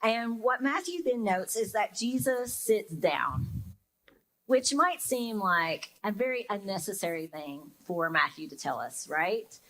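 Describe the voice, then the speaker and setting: A woman's voice: mid-range voice, lively intonation, measured pace, fairly bright tone, rough recording. A young woman pastor giving a casual, reflective sermon, with lots of fillers and talking to her listeners as if in conversation. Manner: casual and reflective, many fillers, acts out listeners' inner reactions.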